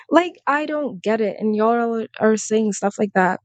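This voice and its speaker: A woman's voice: on the high side, normal speed, no echo. A young woman giving a heated, sarcastic commentary rant to the camera, exasperated and blunt. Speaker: commentary vlogger.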